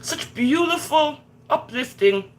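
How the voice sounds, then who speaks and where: Animated Jamaican woman on a live stream. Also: slow pace. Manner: animated, scolds viewers in patois, swooping pitch. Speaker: livestream host. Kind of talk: casual live stream chat.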